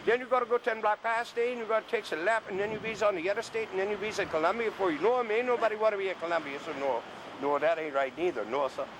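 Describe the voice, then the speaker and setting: A man's voice: high-pitched, racing, natural voice. A man voicing a polite, sly old gardener with a Gullah accent and a drawling folksy dialect, giving directions. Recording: noisy outdoor street.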